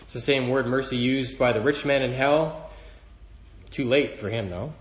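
In a roomy, lo-fi recording, a preacher with a medium-pitched voice addresses his congregation at normal speed. His delivery is earnest, building in emphasis whenever he quotes scripture.

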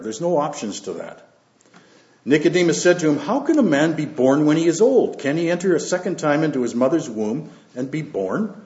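Male pastor, mid-pitched, unhurried sermon with scripture readings and asides, roomy dull church recording. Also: darkish tone. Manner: unhurried, with fillers and asides between verses.

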